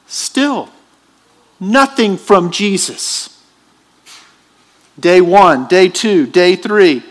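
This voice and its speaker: A man's voice: sits high, big pitch swings, drawn-out words. A man preaching a sermon in a church, emphatic and questioning his congregation. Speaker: pastor.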